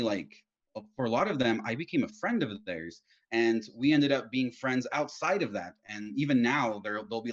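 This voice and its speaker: Man telling career stories over a muffled video call, lots of um and uh, mid voice. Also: mid-range voice. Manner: animated storytelling, many fillers and restarts. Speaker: guest speaker, test engineering lead. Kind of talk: casual career advice chat. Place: home, Utah. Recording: dull lo-fi video call audio.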